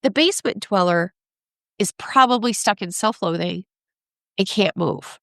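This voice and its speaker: A woman speaking as an expert guest in a conversational interview, animated, acting out parents and kids, often asking "right?". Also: mid-range voice, measured pace, creaky, no echo, studio quality. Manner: animated, acts out parents and kids in quoted voices; frequent laughs and "right?" tags.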